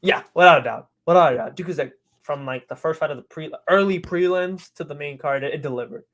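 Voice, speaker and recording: A man's voice: a little high, fast talker, fairly bright tone. A man guesting on a sports podcast, chatting animatedly, laughing and repeating himself as he talks. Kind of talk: casual sports chat.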